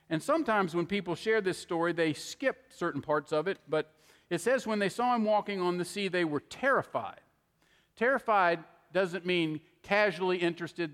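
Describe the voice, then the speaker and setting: High-voiced pastor preaching. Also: male voice, a bit bright. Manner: conversational preaching with frequent "okay?" asides. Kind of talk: sermon. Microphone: handheld microphone. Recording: long hall reverb.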